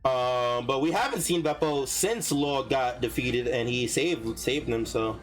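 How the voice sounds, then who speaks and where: A man co-hosting a podcast in casual chat, agreeable and quick to back up the others, with frequent filler words. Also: mid-range voice, soft background music, low-quality recording. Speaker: podcast co-host.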